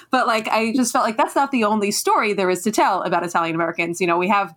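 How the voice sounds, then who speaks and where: A woman with a northern New Jersey accent talks quickly and casually. She fills her speech with "like" and "you know" as she chats. Her voice sits in a middle pitch range. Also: a bit bright. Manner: chatty, many fillers and "like"s. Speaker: author guest. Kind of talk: casual conversational interview.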